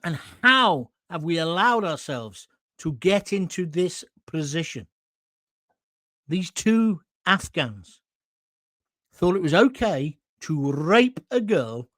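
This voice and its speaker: Impassioned man with lively pitch. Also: measured pace, pauses often, no echo, clean studio sound. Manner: indignant and emotional, addressing viewers directly. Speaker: host of his own live show. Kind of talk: impassioned live-stream commentary.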